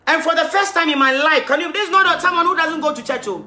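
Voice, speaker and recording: A woman preacher giving an impassioned livestreamed sermon, rising to loud exhortation. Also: high-pitched, fast. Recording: roomy livestream audio, faint music.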